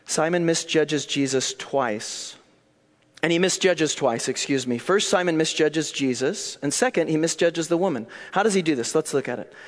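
A man preaching a sermon, telling the story in an animated way that swings between hushed and excited. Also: a little high, moderate pace. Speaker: pastor. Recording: long hall reverb.

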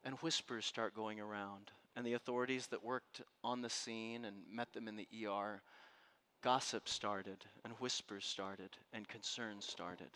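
A man preaching a sermon to a room and listeners at home, telling a story with passion and dropping from loud to hushed. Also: fairly low pitch, steady tone, measured pace. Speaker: pastor. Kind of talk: sermon to a live congregation. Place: room with an audience.

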